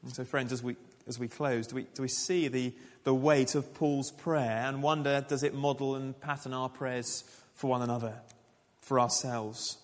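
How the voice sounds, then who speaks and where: A man's voice: mid-range voice, little pitch movement, moderate pace, big-room sound. A man preaching a sermon as pastor, conversational and full of rhetorical questions.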